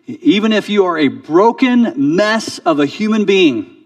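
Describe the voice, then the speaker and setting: A pastor preaching in a relaxed, conversational sermon, restarting words and sinking quiet to make a point. He stands back from the mic in a dry, dead room. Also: sits high, slow, no echo, distant mic. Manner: conversational, repeats words, drops soft for emphasis.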